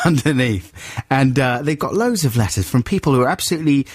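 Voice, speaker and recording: A man's voice: mid-range voice, expressive, brisk, slightly rough, no room sound. A man hosting a radio show, talking animatedly in a mock-outraged, chuckling way. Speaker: radio host. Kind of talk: casual radio banter. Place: radio studio.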